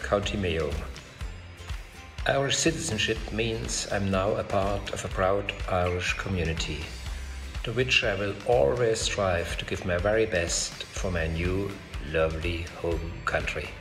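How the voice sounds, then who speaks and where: A man's voice: on the low side, measured pace, music in the background. A man who is a new citizen giving an earnest, heartfelt recorded video message.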